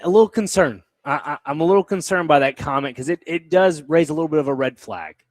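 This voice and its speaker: A man's voice: fairly high pitch, animated, fast talker, dry recording. A man co-hosting a live sports radio show from a hotel, talking in an easygoing, agreeable way with careful opinions. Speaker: radio co-host. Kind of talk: casual sports talk. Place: live remote broadcast from a hotel.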